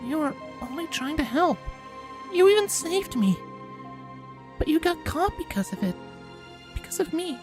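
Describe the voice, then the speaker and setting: A little unicorn filly, put on by a man reading a storybook, speaks in a very high, soft and fragile voice. Her pitch leaps around lively as she pleads. Faint music plays under the reading. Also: moderate pace. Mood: guilty, pleading. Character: young female unicorn filly, sleepy and guilty.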